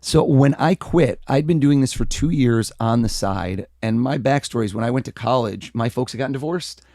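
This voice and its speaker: A man from the United States, a mentalist guest, talking in a casual interview in a lively, animated way. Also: mid-range voice, moderate pace, no echo, studio quality. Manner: energetic, animated, acts out quoted voices.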